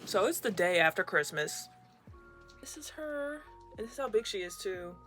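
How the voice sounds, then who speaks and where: A young woman crafting and chatting to the camera in her bedroom, expressive, moving between weary grumbling and excited squeals. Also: mid-range voice, moderate pace, music in the background. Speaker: crochet vlogger. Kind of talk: casual craft vlog, talking to camera.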